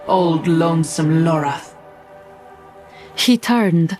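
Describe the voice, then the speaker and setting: A woman reading a dark fantasy story in measured, dramatic scripted narration. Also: medium pitch. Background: faint music.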